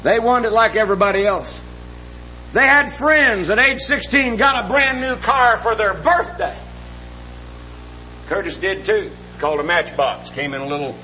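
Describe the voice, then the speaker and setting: High, bright-voiced male preacher. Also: normal speed, slight background noise, rough recording. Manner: earnest, folksy, asks the congregation questions. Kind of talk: sermon.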